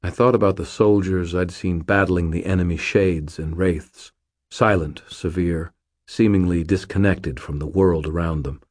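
A man's voice: deep voice, fairly even intonation, moderate pace, a little mellow, dry recording, clean studio sound. A man reading a first-person story aloud in a wry, terse, hard-boiled manner. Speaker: audiobook narrator. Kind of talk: first-person scripted narration.

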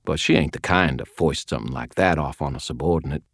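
A man voicing a gruff, weary old wizard who talks in a folksy, plain-spoken way. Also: extremely low pitch, fast, dry recording, studio quality.

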